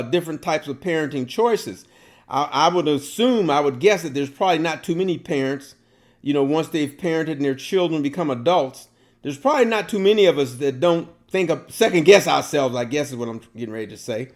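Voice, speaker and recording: A middle-aged man co-hosting a casual talk show, an animated storyteller who laughs often. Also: on the high side. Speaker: podcast co-host. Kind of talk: casual chat.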